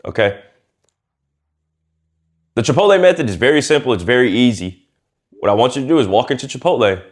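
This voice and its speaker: A man coaching viewers on speaking, casual and lively, acting out quiet and loud ways of talking and using slang as he goes. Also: fairly low pitch. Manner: lively and demonstrative, acts out quiet and loud speech. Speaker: communication coach. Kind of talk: casual instructional talk to camera.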